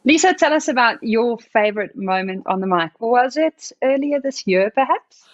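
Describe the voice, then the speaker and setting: A woman's voice: on the high side, animated, normal speed. A woman hosting a cricket show, reading out viewer questions in upbeat scripted links. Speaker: host. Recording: slightly dull lo-fi with music bed.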